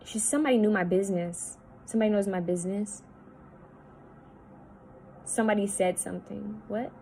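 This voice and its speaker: A woman psychic medium talking at home, relaying messages in a halting, repetitive way that often drops to a hushed voice. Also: medium pitch, a little hiss or hum, low-quality recording. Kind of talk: spirit-channeling video monologue.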